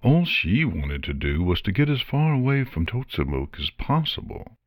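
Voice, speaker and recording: A man reading a story aloud in a measured, expressive way. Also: on the low side, no room sound, studio quality. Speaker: narrator. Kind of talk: storybook narration.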